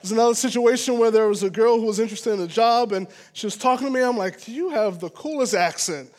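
Like a pastor chatting with his flock, this man delivers an easygoing sermon in a strikingly high voice. His manner is casual, earnest, and personal, and he keeps pausing for quick "all right?" asides.

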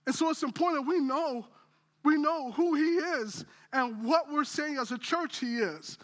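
Guy with a really high voice giving a sermon, chatty, keeps restarting, gets fired up. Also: normal speed, a bit bright. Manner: casual, conversational preaching with many restarts, growing intense. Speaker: pastor.

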